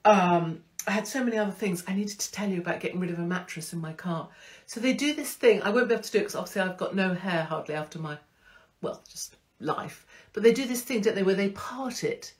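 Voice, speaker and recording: A woman's voice: medium pitch, fast. A middle-aged woman hosting a casual live stream, blunt, rambling and profane. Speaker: host.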